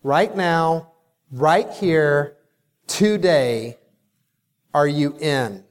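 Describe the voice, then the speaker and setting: A man giving a motivational keynote speech, emphatic, telling stories with dramatic pauses, in a large hall. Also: a little high, animated, smooth. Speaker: keynote speaker. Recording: long hall reverb.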